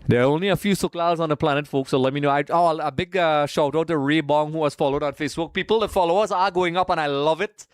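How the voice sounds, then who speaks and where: A man's voice: on the high side, fairly even intonation, fast, few pauses, clear, resonant tone, dry recording, studio quality. Chatty man hosting a stream. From Trinidad. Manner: chatty, greets viewers by name, keeps saying folks. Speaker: live stream host. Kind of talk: casual live watch-along chat.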